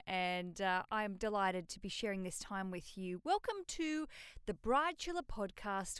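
A woman's voice: mid-range voice, fairly bright tone, clear, resonant tone, dry recording. An Australian woman hosting her own podcast, chatting casually, rambling and swearing freely with self-mocking asides. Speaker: podcast host. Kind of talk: casual solo podcast chat.

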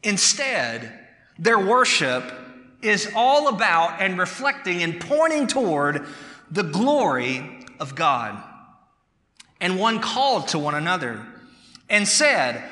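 A man preaching a sermon, emphatic, repeating words for stress and rising to loud calls. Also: sits high, big pitch swings, slow pace, pauses often. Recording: echoey hall sound.

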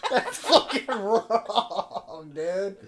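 High-pitched young man, comedy podcast co-host, crude, swearing, lively mocking impressions. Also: extremely slow. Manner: crude, swearing, animated storytelling with mocking quoted voices. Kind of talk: casual comedy podcast chat.

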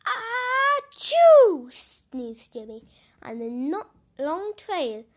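A woman hosting a storytelling corner, reading a children's storybook aloud in a gentle manner with small stumbles. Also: sits high, slow pace. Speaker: storyteller and show host.

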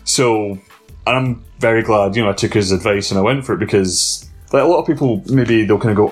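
A man, a wrestler, telling stories in a casual interview, laughing often and jumping up in pitch. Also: a little fast, soft background music. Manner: animated storyteller, laughs often, voice jumps high. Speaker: wrestler guest.

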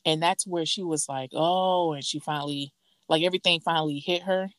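A woman in casual chat, telling a gossip story with lively acted-out quotes. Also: fairly quick, no echo. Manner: animated storytelling, acts out quotes in a higher voice.

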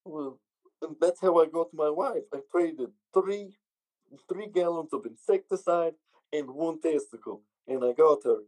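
A man's voice: on the high side, measured pace, a little mellow, rough recording. A man putting on a thick Eastern European accent, playing a boastful friend who gives backhanded compliments. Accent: put-on Serbian accent.

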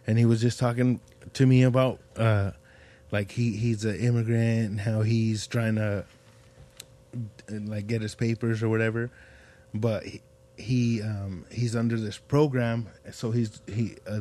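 A podcast host with a medium-pitched, slightly mellow voice chats casually, telling stories in slangy, profane language. He acts out the people he quotes.

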